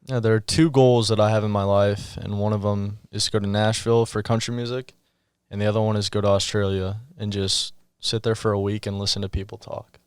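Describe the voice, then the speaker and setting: A man's voice: lowish voice, little pitch movement, a little fast, clear, resonant tone, no echo, clean studio sound. A young man chatting casually on a podcast, telling rambling, enthusiastic stories. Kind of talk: casual chat.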